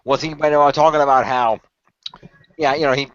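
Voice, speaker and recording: A man's voice: mid-range voice, steady tone, moderate pace, a bit bright, dry recording. A man co-hosting a casual wrestling recap, rambling with lots of fillers. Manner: rambling, many fillers, chanting catchphrases. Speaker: podcast co-host. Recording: dull dry lo-fi audio.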